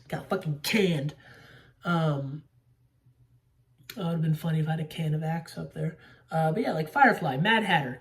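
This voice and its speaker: Rambling low-voiced woman, mic at a distance. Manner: rambling, profane, excitable fan talk. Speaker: movie trailer reactor. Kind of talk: casual trailer reaction.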